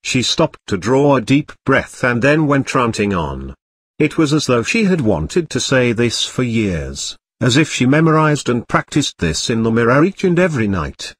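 Husky man reading a parody story. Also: mid-range voice, big pitch swings, unhurried, dry recording. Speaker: narrator.

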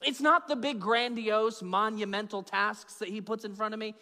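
A man preaching a sermon as pastor, casual and chatty, swinging between loud emphatic bursts and low hushed asides. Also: steady tone, normal speed. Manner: informal, chatty preaching with fillers and repeats. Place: church sanctuary with long reverb. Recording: echoey church hall.

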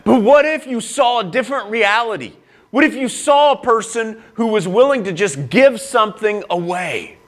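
A man preaching a sermon with a fairly high voice that rises and falls a great deal. He is earnest and emphatic, repeats key lines, and admits his own struggles with frequent stumbles and restarts. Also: expressive, moderate pace, a bit bright. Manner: personal and confessional, with frequent restarts. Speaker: pastor.

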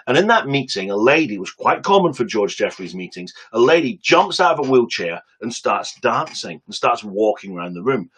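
A man preaching on a webcam stream, telling a story with lively acted-out quotes and quick asides. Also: medium pitch, slightly rough, poor audio.

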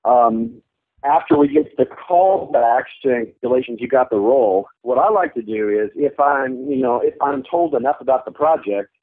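A man in his thirties talks through an interview in an animated, easygoing way, laughing often and popping into short character voices. His pitch swings widely from phrase to phrase. The audio is thin and tinny, like a phone line. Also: moderate pace. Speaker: voice actor guest. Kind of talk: casual interview chat.

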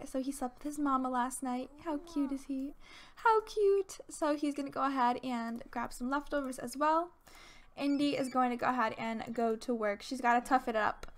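Bubbly girl doing let's play commentary, high voice, gets all excited and gushy. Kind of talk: casual gameplay commentary.

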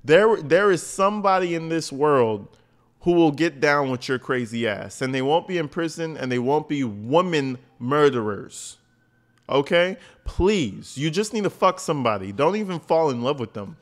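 A man's voice: a little high, lively intonation, moderate pace. A man giving profane reaction commentary, blunt, crude and mocking.

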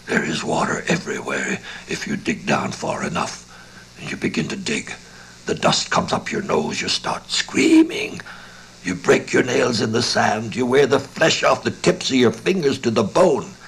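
A man doing a hushed, gravelly desert innkeeper. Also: on the low side, expressive, unhurried, slight background noise, heavily acted, rough recording. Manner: hushed, sinister musing, slips into whispers. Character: cheerful one-legged Mexican desert innkeeper, hospitable man. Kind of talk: dramatized audiobook reading.

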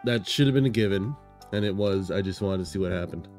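A man's voice: deep voice, fast talker, darkish tone, soft background music. A man hosting a casual let's-play, joking and reading the game text aloud. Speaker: gaming channel host.

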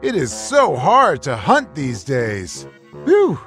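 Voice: medium pitch, huge pitch swings, slow, a bit bright, faint music behind, exaggerated voice. A performer voicing a hungry, bumbling carnivorous dinosaur villain in a cartoon, blustering and huffing between greedy boasts. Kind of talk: cartoon voice acting.

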